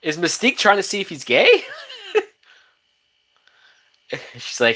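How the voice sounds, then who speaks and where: An excitable man talks through a film as it plays, swearing freely and breaking into laughter. He jumps between thoughts and restarts his sentences, in loose, chatty commentary. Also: high voice, takes it slowly, pauses often. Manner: animated, profane, laughs often, many restarts. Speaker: movie reaction host. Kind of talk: casual live-watch movie commentary.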